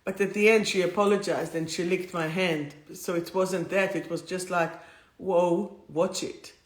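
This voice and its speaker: A woman hosting a live-streamed spiritual talk, speaking into two phones in a warm, rambling, emotional way. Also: lowish voice, steady tone, normal speed. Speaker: spiritual healer and host. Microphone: two phones streaming at once. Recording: roomy echo.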